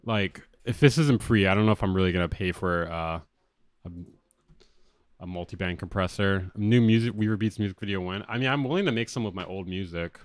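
A man with a lateral lisp talks loosely on a music-production livestream. His voice sits on the low side, and he gets excitable and curses freely. The sound is close and dry, with no room around it. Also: brisk, no echo. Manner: loose, excitable, swears often. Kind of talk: casual livestream chat.

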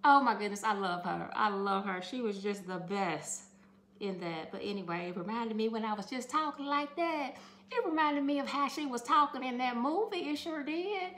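A woman's voice: fairly high pitch, animated, normal speed, a bit bright, echoey room. A woman chatting through a home cooking demonstration, affectionate and talkative, calling her viewers honey.

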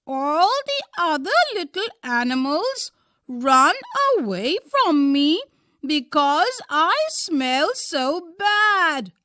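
A woman's voice: high-pitched, big pitch swings, very slow, pushed and bright, no room sound, studio quality, pitched above the performer's own voice, exaggerated voice. Woman voicing a small tearful skunk. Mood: plaintive. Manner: pleading, weepy. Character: small sad male skunk, lonely and tearful.

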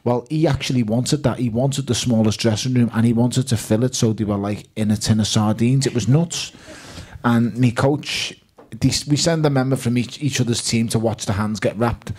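A man with a Liverpool accent, a guest at a live fan evening, telling lively stories and quoting himself and others. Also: medium pitch, moderate pace, husky. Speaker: guest boxer.

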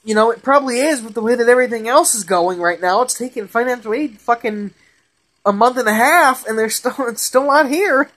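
A man's voice: very high voice, fairly quick, fairly bright tone. A young man who is a gaming vlogger, ranting in frustration and cursing heavily as he rambles while playing a game. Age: young adult.

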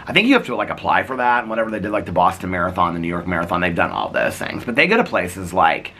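Gravelly low-voiced guy in his 50s, chatty meandering vlog talk, swings all over the place outside. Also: big pitch swings, quick pace, pushed and bright, a little hiss or hum. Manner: chatty, meandering storyteller who laughs often. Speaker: vlogger. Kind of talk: casual rambling vlog chat. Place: outdoors in a residential neighborhood. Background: faint outdoor ambience with birds.

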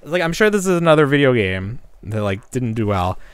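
A man's voice: medium pitch, sing-song, fairly quick, clean tone, dry recording. A man co-hosting a podcast, chatting casually and rambling, with lots of fillers and laughs. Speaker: podcast co-host. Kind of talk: casual chat.

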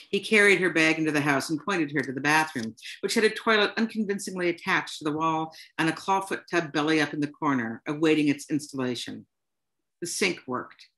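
A woman author reading her own short story aloud to an audience, in a plain, unhurried storytelling manner. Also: low voice. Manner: unhurried, plain storytelling delivery with soft "um" fillers.

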